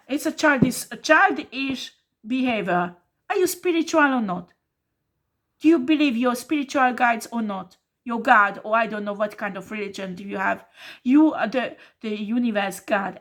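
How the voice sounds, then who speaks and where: A woman tarot reader delivers a blunt, scolding monologue, full of swearing. Her voice sits fairly high, and her English has non-native phrasing.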